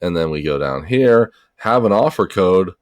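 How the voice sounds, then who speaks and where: A man's voice: sits low, lively intonation, moderate pace, no echo. A man hosting a casual podcast, rambling easygoing through sponsor segments. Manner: rambling, easygoing, repeats words. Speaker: podcast host. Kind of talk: casual podcast chat, reading sponsor ads.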